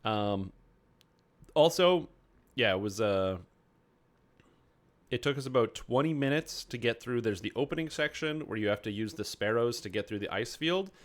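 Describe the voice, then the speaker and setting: A man's voice: mid-range voice, expressive, normal speed, long pauses. A man chatting casually on his game stream, telling a rambling story full of fillers.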